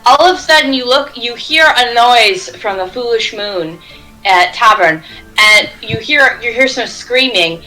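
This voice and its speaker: A woman narrating a tabletop game as game master, telling the scene in a lively, quick way. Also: on the high side, faint music behind, poor audio.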